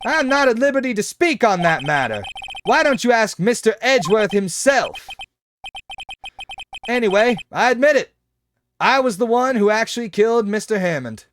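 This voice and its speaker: A man's voice: high voice, expressive, moderate pace, fairly bright tone, soft background music. A man voicing a bitter old male ex-bailiff with a put-on country accent, speaking in a grim drawl.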